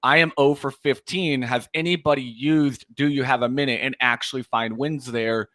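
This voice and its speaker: Guy coaching cold calls, chatty and animated, mid pitch, dry close sound. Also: moderate pace, no echo. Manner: animated, acts out call snippets. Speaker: sales coach. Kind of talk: casual chat about cold calling.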